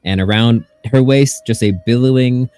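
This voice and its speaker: A man narrating as game master, describing scenes in a relaxed way and asking players what they do. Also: medium pitch, moderate pace, clear, resonant tone, dry recording.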